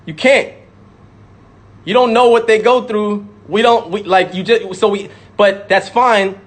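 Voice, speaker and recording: Speaking at a measured pace with fairly even intonation, a high-voiced rapper delivers a heated, profane speech. He repeats lines for emphasis and mocks critics he imagines, jumping into sudden voices.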